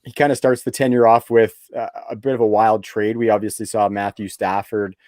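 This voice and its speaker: An easygoing man from Canada hosts a sports podcast, laughing often and leaning on filler words. His voice is low and mellow, recorded dry and close. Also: fairly quick, no echo. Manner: relaxed, laughs easily, many fillers. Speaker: podcast host. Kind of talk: casual podcast chat.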